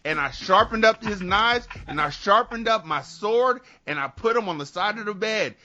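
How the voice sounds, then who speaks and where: A man co-hosting a podcast, comically acting out a story and switching between a calm officer and a furious ranting woman. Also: high-pitched, moderate pace, lo-fi sound. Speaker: podcast co-host. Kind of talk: comedic casual chat acting out a story.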